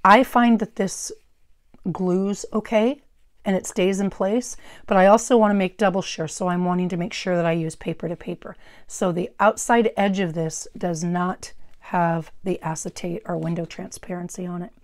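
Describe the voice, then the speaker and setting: A middle-aged woman with a naturally loud, slightly low voice walks through a craft project at her workstation. She rambles in a friendly way, correcting herself mid-sentence. The wearable mic gives a close, dry sound. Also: fairly even intonation, moderate pace, no room sound. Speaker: craft tutorial host. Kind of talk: chatty step-by-step craft demonstration. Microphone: wearable microphone.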